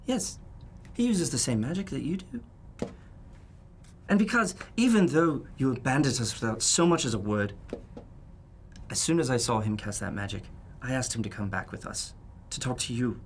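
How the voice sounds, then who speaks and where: A man's voice: lively intonation, moderate pace, a little hiss or hum. A man playing a tabletop role-play character, pleading with a teammate in an emotional, rising voice. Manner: pleading, emotional, rising pitch when upset. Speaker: player.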